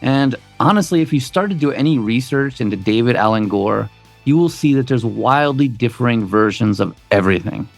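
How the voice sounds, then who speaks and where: Gravelly guy reading out a true crime story, faint music behind. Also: mid-range voice, lively intonation, moderate pace. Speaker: podcast co-host.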